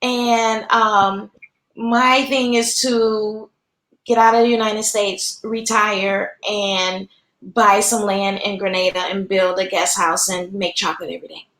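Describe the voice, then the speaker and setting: A woman's voice: medium pitch, flat delivery, slow, a bit bright. A woman in her fifties, a pastry chef guest, talking heartfelt and casual with many fillers over a video call. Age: 50s. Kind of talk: casual interview chat. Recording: echoey room.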